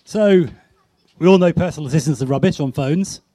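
A high-voiced man runs a lively tech meetup game. He talks in excited bursts, laughs easily, and fires off quick countdowns. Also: no room sound, studio quality. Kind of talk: lively game-show style hosting.

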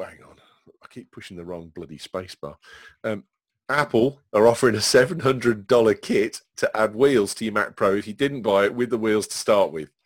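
A man's voice: on the low side, no echo, studio quality. A man hosting a casual tech chat over a video call, swearing freely and rambling with fillers. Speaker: podcast host.

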